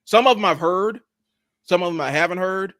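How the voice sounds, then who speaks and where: Sarcastic, animated man chatting on a podcast. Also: high voice, normal speed, no echo, studio quality. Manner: sarcastic, animated, many fillers like "like" and "you know". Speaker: podcast co-host. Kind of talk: casual chat.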